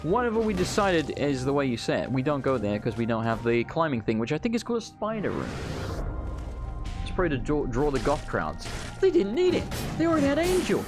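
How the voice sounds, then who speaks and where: A man's voice: fairly high pitch, wildly swooping pitch, brisk, music in the background. A man giving rambling, swear-filled commentary while playing a video game. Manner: chatty, rambling, swears freely. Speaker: gaming channel host. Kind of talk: casual let's play commentary.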